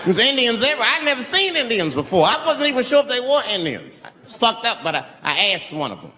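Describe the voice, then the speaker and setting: Male stand-up comedian, storyteller who acts out scenes, lively pitch. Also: quick pace, in a large hall, a little hiss or hum. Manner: storytelling, acting out characters with big pitch swings.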